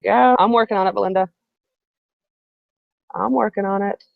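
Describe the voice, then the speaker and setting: A woman's voice: medium pitch, steady tone, moderate pace, gravelly, dry recording. A woman hosting a live broadcast from home, telling a long, rambling story with frequent asides. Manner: chatty, rambling storyteller who breaks off for asides. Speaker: host. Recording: dull, dry live-stream audio.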